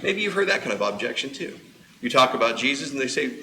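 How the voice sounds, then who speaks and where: A man's voice: medium pitch, sing-song, quick pace, sharp tone, slight background noise. A man preaching a sermon, explaining scripture in a conversational way with casual asides. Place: church auditorium. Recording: echoey church room.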